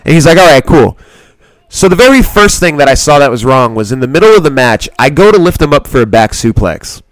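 Animated man telling a rowdy story. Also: on the high side, brisk. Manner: animated, laughs often, swears, acts out both sides of stories. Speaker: podcast host. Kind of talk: casual storytelling chat. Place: small room, sitting on a kid's trampoline. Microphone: own mic close to a second mic.

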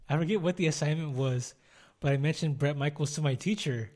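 Young male co-host, relaxed storyteller, somewhat high voice, chuckles often. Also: normal speed. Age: young adult. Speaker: podcast co-host. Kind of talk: casual chat.

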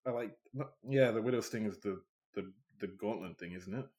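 A man co-hosting a casual film review chat, animated and laughing as he mimics scenes. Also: fairly low pitch, moderate pace. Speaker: podcast co-host.

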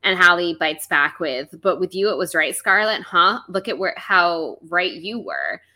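A young woman co-hosts a casual book-club podcast, her fairly low voice bright and ringing. She swings her pitch widely and jumps into playful voices for the characters. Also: unhurried. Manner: animated, acts out characters' lines with big swoops. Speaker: podcast co-host.

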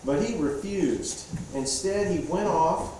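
A man preaching a relaxed, conversational sermon to a congregation and putting questions to them. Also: sits high, takes it slowly, noisy background. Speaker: pastor. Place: church hall with a congregation. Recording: echoey hall, distant mic.

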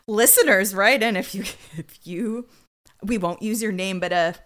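Bright-voiced young woman, dry humor. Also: medium pitch, a little slow. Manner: dry, profane, acts out characters' lines. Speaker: podcast co-host. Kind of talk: casual recap chat.

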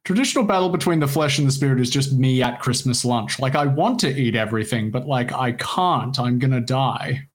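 Brief: quick-witted male co-host, mid-pitched, playful banter. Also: lively intonation. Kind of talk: casual comedic chat.

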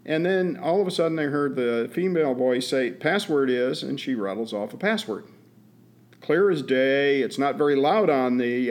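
A man co-hosting a podcast, telling a story in a folksy, easygoing way with many fillers and restarts. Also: medium pitch. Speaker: podcast co-host. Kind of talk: casual chat.

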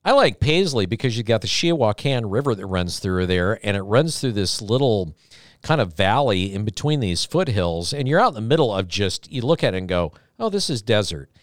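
Guy rambling on a podcast, bouncy voice, dry close mic, deadpan jokes. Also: on the low side, brisk, no echo. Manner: rambling storyteller, deadpan joking. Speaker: podcast guest, radio host. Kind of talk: casual chat.

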